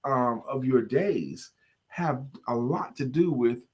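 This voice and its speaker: A man's voice: medium pitch, lively intonation, slow pace, slightly rough. A man co-hosting a casual morning show, chatting and breaking into short sung jingles for viewers. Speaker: co-host.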